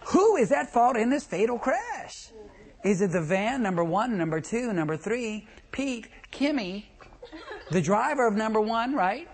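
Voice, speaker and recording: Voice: medium pitch, big pitch swings, measured pace. A traffic school instructor giving a comic lecture to a class, telling stories and quizzing the room. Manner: joking, storytelling, quizzes the room.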